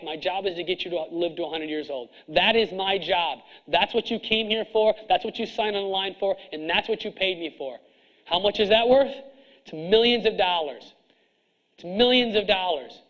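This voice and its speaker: Intense preachy man, high voice. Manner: intense, preachy, repeats himself for emphasis. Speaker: chiropractor speaking to students. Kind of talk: motivational talk. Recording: dull lo-fi recording.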